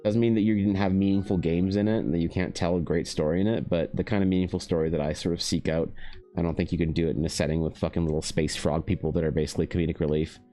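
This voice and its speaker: A man streaming while he paints, chatting casually in a rambling, profane way, his pitch leaping up now and then. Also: fairly even intonation, fast, warm tone, soft background music. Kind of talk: casual livestream chat.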